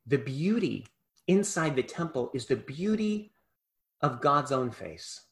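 A male preacher giving a sermon, impassioned, swinging between loud emphasis and hushed asides. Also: mid-range voice, sing-song, slow.

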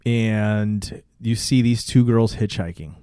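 Um homem numa conversa casual, recontando um filme com energia, xingando bastante e imitando as falas dos personagens. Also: male voice, on the low side, takes it slowly, clear, resonant tone, dry recording, clean studio sound. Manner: animated retelling, swears a lot, acts out lines. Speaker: podcast co-host. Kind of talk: casual movie recap chat.

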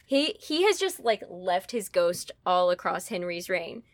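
A woman in casual conversation, retelling a story in an animated way with playful asides. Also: fairly low pitch, measured pace, dry recording. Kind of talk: casual literary discussion.

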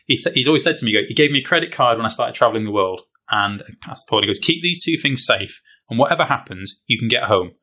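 A British man, a guest, telling a funny anecdote in a casual chat. He is an animated, self-deprecating storyteller who uses British slang. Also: fairly low pitch, rapid-fire, few pauses. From Britain. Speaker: guest, fencer.

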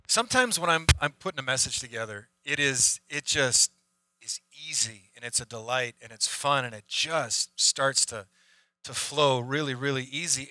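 A man's voice: medium pitch, pushed and bright, no room sound, low-quality recording. A man preaching a sermon as pastor, talking candidly and conversationally with frequent restarts. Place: church sanctuary.

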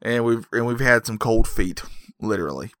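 A man giving a rambling, jokey recap of a horror film as a movie reviewer, with deadpan asides. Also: medium pitch, moderate pace, dry recording.

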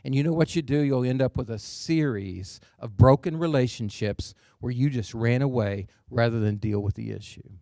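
A man's voice: medium pitch, normal speed, vocal fry, hardly any pauses, mellow, no room sound, clean studio sound. A man preaching a sermon as pastor, emphatic, with call-and-response asides and phrase endings that drop to a near whisper.

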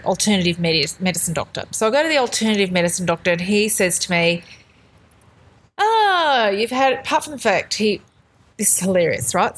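A woman's voice: medium pitch, rough recording. A woman co-hosting a podcast in casual chat, telling stories with lots of laughter. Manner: chatty storyteller, laughs often, acts out quoted voices. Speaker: podcast co-host.

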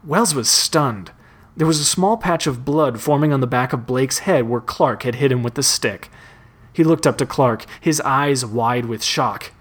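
Male narrator, measured story reading, plain voice. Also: medium pitch, slightly rough. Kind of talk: reading a fan story aloud.

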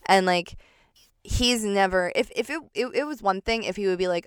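A woman in casual conversation, chatty and animated, laughing often and leaning on fillers. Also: medium pitch, normal speed, smooth, no room sound, clean studio sound. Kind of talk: casual chat reviewing a show.

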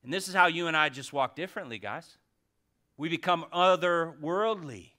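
A man preaching a sermon as pastor in a church, passionate and joking with the congregation, swinging from loud outbursts to hushed asides. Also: fairly high pitch, normal speed. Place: church sanctuary.

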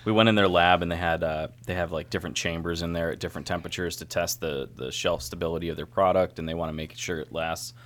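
A man's voice: low voice, steady tone, fast, hardly any pauses, fairly bright tone. A man in casual chat as a guest brewer, rambling and restarting his sentences often.

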